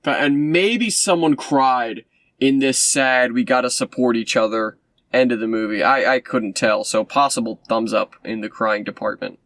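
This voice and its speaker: A man's voice: mid-range voice, normal speed, fairly bright tone, no echo. A man casually recapping a film he reviews, sarcastic and rambling with lots of fillers and asides. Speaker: movie reviewer.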